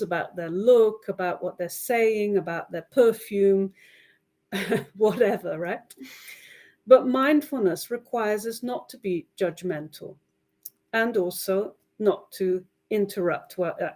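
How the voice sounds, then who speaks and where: A woman's voice: medium pitch, warm tone. A woman giving an online training webinar for language teachers, friendly and checking in often with her audience. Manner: friendly, checks in often with "right?" and "okay?", laughs lightly.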